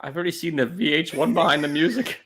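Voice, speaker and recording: A man co-hosting a comedy podcast, chiming in with quick wisecracks in casual chat. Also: on the high side, expressive, fairly bright tone. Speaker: podcast co-host.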